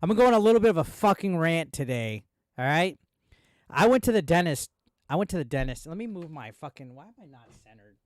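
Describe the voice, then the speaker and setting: A man's voice: fairly high pitch, very animated, fast, no echo. Heated, foul-mouthed man ranting. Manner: profane, heated ranting with filler words. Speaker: streamer. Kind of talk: casual live-stream rant.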